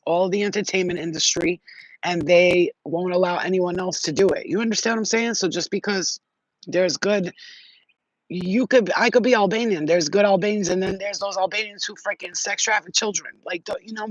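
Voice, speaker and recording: A woman chatting on a livestream in a loose, slangy, animated way, often laughing and tossing in asides to her viewers. Her voice comes through dull and lo-fi, and the recording is close and dry. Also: lowish voice, no echo. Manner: animated, slangy, swears, laughs often, many "you know what I'm saying". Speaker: spiritual channel host. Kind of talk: casual livestream chat.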